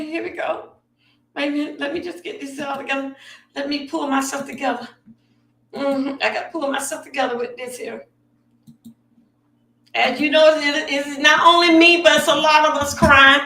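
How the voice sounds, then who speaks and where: High, bright-voiced woman streaming live. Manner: exclamatory, dramatic, talks to viewers. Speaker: livestream host. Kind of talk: live-stream reaction commentary. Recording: echoey room, distant mic.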